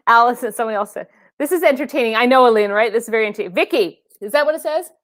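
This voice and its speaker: A chatty woman trainer hosts a live online session and talks straight to her viewers, calling them by name and laughing often. Her voice sits a little high. The sound is dry and close, with no room echo. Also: animated, rapid-fire. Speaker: fitness trainer hosting a live stream. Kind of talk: casual live-stream chat.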